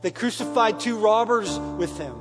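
A man giving a dramatic scripture reading, his delivery swinging from hushed to loud. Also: high-pitched, animated, moderate pace. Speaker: scripture reader. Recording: long reverb with soft piano.

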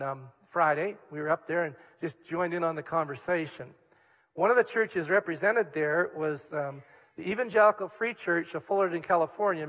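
A male pastor with a fairly high voice preaches in an earnest, emphatic way, leaning on repeated words. His voice carries a long reverb from a church hall. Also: fairly bright tone. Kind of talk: sermon.

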